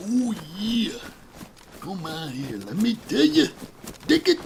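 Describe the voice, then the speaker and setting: Brief: growling hyped wrestler, high, wide-swinging, gravelly. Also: male voice, huge pitch swings, slow, a little hiss or hum, heavily acted.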